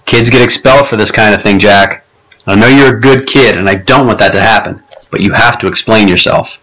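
A man reading aloud, voicing a patient male school principal who speaks in a calm, measured, gently firm way. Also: on the low side, low-quality recording. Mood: stern.

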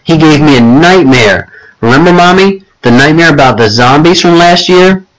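A man voicing a small second-grade boy who whines and gets excited, read as an audiobook character. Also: on the high side, normal speed, pitched above the performer's own voice, poor audio. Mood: whiny. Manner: whining, excitable.

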